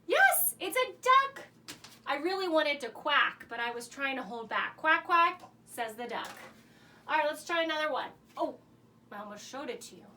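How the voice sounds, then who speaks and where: A woman's voice: high-pitched, moderate pace, recorded from a distance. A woman hosting a children's show, cheering young viewers on as they guess animals in a game of charades. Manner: animated, encouraging, speaks to kids at home. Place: home laundry room. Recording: a bit away from the mic, faint room hum.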